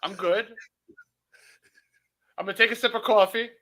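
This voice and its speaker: Bright, high-voiced excitable man co-host. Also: normal speed. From New York. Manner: excitable, self-deprecating banter. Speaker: podcast co-host. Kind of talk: casual sports podcast chat.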